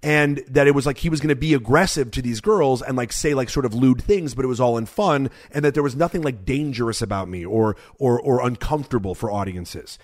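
A man's voice: medium pitch, brisk, hardly any pauses. A man in his forties, a podcast co-host and comedian, telling long anecdotes in casual chat, full of fillers and restarts. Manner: rambling storyteller, lots of fillers and restarts.

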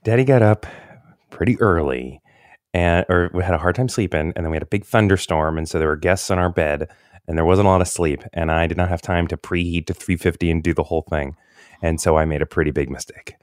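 A man in casual podcast chat, rambling and interrupting himself with quick laughs. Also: low-pitched, no room sound, studio quality. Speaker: podcast co-host.

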